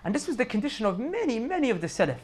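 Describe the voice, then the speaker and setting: A man's voice: very high-pitched, sing-song, racing. A man giving a casual religious reminder talk, talking in everyday slang and pressing his listeners with emphatic rhetorical questions. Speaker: Islamic preacher.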